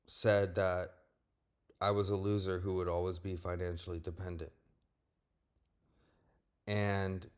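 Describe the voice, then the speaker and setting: A man's voice: deep voice, clean tone. A young man speaking candidly and bluntly in a personal monologue, swearing freely as he talks. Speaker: vlogger.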